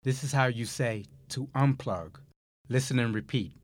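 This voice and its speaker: A man hosting a recorded language course, explaining grammar mistakes and giving listen-and-repeat prompts in a measured, clearly enunciated way. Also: mid-range voice, no echo. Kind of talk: scripted Spanish lesson narration.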